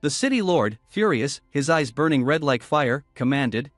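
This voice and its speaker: A man's voice: a little high, moderate pace, hardly any pauses, no echo, studio quality, faint music behind. A man narrating a comic recap in a scripted voice, reading every character himself. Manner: reads all characters in one steady narrating voice.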